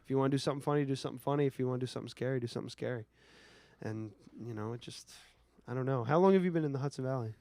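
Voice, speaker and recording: A man hosting a podcast, telling stories in a lively, swearing, laughing way. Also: medium pitch, rapid-fire, dry recording. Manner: animated storyteller, swears, laughs often. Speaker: podcast host. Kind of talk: casual chat.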